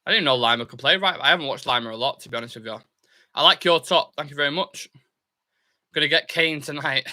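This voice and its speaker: A man's voice: fairly high pitch, fast talker. A young man hosting a live football watchalong, chatting casually, reading out viewer comments and cheering on his team. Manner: chatty, reads viewer comments aloud, excitable bursts. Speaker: fan channel host.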